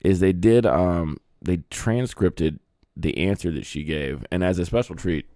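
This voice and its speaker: A laid-back man hosts a comedy podcast, his voice very low and quick to break into chuckles. The sound is dry and close, with no room around it. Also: warm tone, no room sound. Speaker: podcast host. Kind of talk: casual comedic podcast chat.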